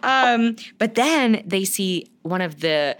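A woman's voice: medium pitch, lively intonation, takes it slowly, a bit bright. A woman co-hosting a podcast in casual chat, gushing and swearing freely, often laughing as she talks. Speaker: podcast co-host.

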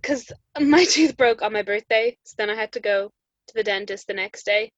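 A woman's voice: medium pitch, moderate pace, no room sound, lo-fi sound. A young woman with an Irish accent, chatting casually and telling stories full of "like" fillers and laughter. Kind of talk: casual chat.

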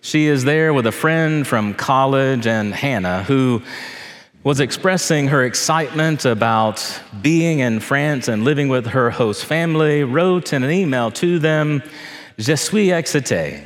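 A middle-aged man, a priest, delivering a sermon in a slow, deliberate way with measured pauses. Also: medium pitch. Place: church. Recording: long reverb of a church hall.

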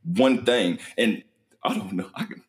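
A young man with a lowish voice hosts a casual podcast interview. He jokes constantly and his pitch leaps up when something excites him. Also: measured pace. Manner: animated, joking, swings up high when excited. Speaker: podcast host.

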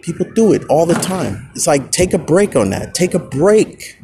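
A man talks alone on his own podcast, telling stories off the cuff. His voice sits a bit high, and he swings from low, muttered asides to heated, louder bursts. A faint hum of ambience sits behind him. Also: big pitch swings, normal speed, creaky. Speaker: podcast host. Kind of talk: casual solo monologue.

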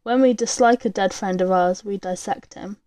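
A woman's voice: medium pitch, moderate pace, mellow, no room sound, natural voice. A woman reading as a worried young student. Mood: uneasy. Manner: worried, uneasy. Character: anxious young male medical student.

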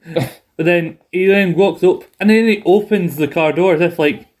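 A man's voice: high-pitched, normal speed, darkish tone. A man co-hosting a wrestling podcast in casual chat, wry and acting out quotes. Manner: wry, acts out quotes, laughs along. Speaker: podcast co-host.

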